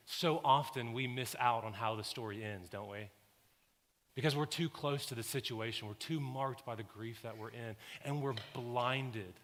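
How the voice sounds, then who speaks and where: Bright-voiced pastor in a big echoing church. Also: male voice, mid-range voice. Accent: Southern American. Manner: storytelling, swings from hushed to loud animated bursts. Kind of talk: sermon. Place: large church sanctuary. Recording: long hall reverb.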